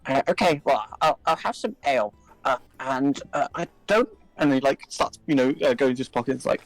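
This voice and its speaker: A man's voice: mid-range voice, brisk, poor audio. A man playing a tabletop game, giggling and hesitating with many fillers. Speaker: player. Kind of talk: casual tabletop play.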